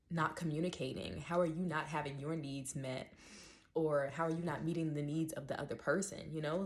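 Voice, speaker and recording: A young adult woman talking candidly and emotionally about her experiences, full of fillers and quoted self-talk. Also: low-pitched. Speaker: channel host. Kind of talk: personal reflective monologue.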